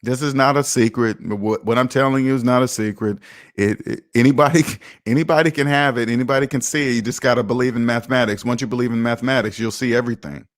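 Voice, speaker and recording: A man's voice: mid-range voice, fairly even intonation, fast talker. Emphatic man hosting a money livestream. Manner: emphatic, preachy, reads viewer comments aloud. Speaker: finance channel host. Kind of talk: casual livestream talk.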